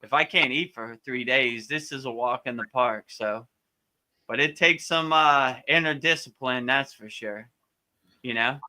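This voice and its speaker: A relaxed man, a spiritual teacher, answers questions live in an easygoing way, often repeating himself and filling pauses. His voice is bright and crisp, and it sits at an ordinary pitch. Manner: easygoing, repeats words, many fillers. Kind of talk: casual live Q&A advice.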